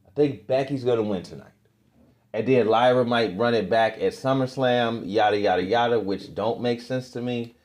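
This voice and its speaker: A man's voice: mid-range voice, moderate pace, a little mellow. Heated, profane man ranting. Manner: profane, heated and exasperated, voice jumping up in frustration. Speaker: wrestling podcast co-host. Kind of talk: casual ranting commentary.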